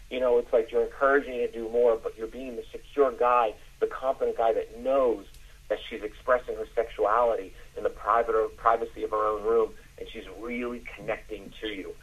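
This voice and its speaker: A man coaching listeners on a podcast, dropping his voice low to demonstrate as he explains. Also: fairly even intonation, brisk, breathy edge, dull audio. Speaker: dating coach. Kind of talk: instructional podcast talk.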